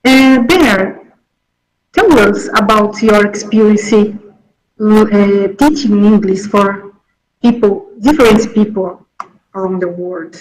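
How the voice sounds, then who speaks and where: Slow, hesitant interviewer with a Brazilian accent. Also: medium pitch. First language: Brazilian Portuguese. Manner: hesitant, many "uh" pauses. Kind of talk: interview questions. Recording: echoey room.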